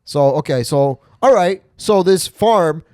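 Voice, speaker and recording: Young male podcast host, crude animated storyteller, dry close sound. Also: a little high, takes it slowly, clean tone, no room sound. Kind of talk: casual podcast chat.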